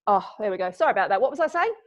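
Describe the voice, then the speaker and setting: A woman's voice: mid-range voice, sing-song, very fast. A woman from Scotland giving a playful, casual online talk as a clown presenter, full of dad jokes. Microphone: video call. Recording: lo-fi video call audio.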